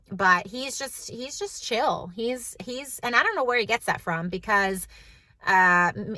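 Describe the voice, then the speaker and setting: A woman's voice: on the high side, sharp tone, no room sound. A woman in her thirties, a mom vlogger talking chattily and emphatically to her viewers from her car. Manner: bubbly, emphatic, conversational. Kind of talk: chatty vlog talk to camera.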